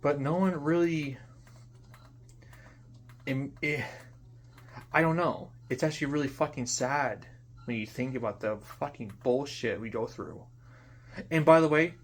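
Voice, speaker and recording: A young male vlogger rants alone, unscripted, frustrated, and profane, repeating himself and trailing off into quiet mutters. His voice is medium-pitched and unhurried with long pauses, and there's a little hiss or hum.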